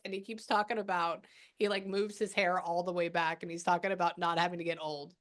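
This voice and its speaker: A woman working as a medium, passing on a spirit's messages in a casual, chatty way with many pauses. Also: medium pitch, fairly even intonation, a bit bright. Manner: relays a spirit's words with quick asides and pauses. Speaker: psychic medium. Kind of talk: spirit reading session.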